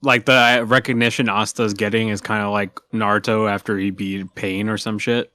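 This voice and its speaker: A man's voice: lowish voice, flat delivery, moderate pace, sharp tone, dry recording, studio quality. A man co-hosting a casual podcast, making offhand, slangy remarks. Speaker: podcast co-host. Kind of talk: casual chat.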